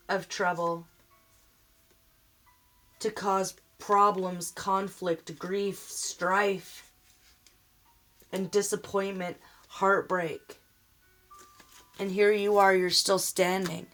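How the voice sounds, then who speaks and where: Slow, earnest woman giving a tarot reading. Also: medium pitch, steady tone. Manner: slow, emotional, earnest, addressing the viewer directly. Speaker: tarot reader.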